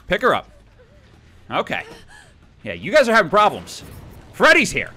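Excitable man taunting through a game. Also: high-pitched, normal speed. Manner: playful taunting, excitable outbursts. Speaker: gaming YouTuber. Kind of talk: let's play commentary.

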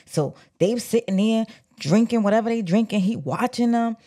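A woman casually retelling an old scandal from a book, animated and slangy, talking straight to her viewers. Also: a little high, normal speed. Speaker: book commentator. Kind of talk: casual storytelling.

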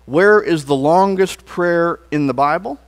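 A man's voice: a little high, unhurried. A man preaching a sermon in a church, earnest and emphatic, leading the congregation in spoken declarations. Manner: leads the congregation in call-and-response declarations; earnest preaching with emphatic rises and soft trailing phrase endings. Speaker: pastor. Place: church sanctuary.

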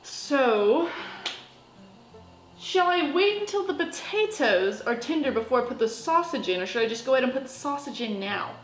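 A woman's voice: high-pitched, expressive, moderate pace, reverberant, soft background music, poor audio. A woman from the United States, chatty and goofy, talking to herself while she cooks in her home kitchen for a vlog. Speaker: vlogger. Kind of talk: casual cooking vlog.

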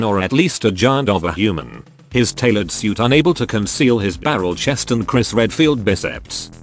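A synthetic male text-to-speech voice narrating a tabletop game story as an even, scripted reading. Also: lowish voice.

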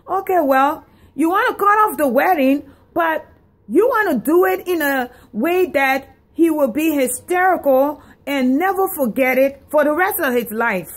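Sassy high-voiced woman doing comic advice. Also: expressive, a little slow. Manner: sassy, theatrical, dramatic. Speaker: comedic advice vlogger. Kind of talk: comic monologue.

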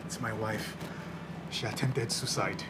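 An actor playing a worried husband, speaking with a Nigerian English accent in a tender, pleading way. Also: male voice, lowish voice, fairly even intonation, unhurried, heavy background noise, close to an everyday voice. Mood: anxious. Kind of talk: film acting. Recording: film score under the voice.

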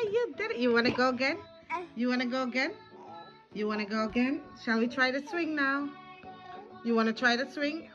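Playful high-voiced mother cooing at a baby. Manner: sing-song, playful baby talk with laughs. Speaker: mother playing with her baby son. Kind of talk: home video chatter to a baby. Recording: slightly dull with music behind.

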